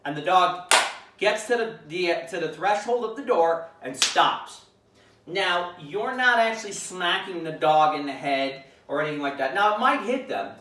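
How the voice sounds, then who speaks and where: A man giving a dog-training lesson, explaining calmly and acting out commands aloud. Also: high voice, measured pace, a little hiss or hum. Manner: calm, demonstrates commands aloud. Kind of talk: instructional demonstration. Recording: echoey room, mic at a distance.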